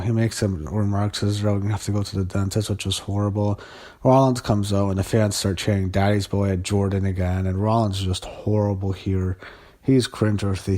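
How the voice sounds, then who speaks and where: A man's voice: low voice, darkish tone. A young man giving a loose, rambling spoken recap of a wrestling show, blunt and profane, full of fillers.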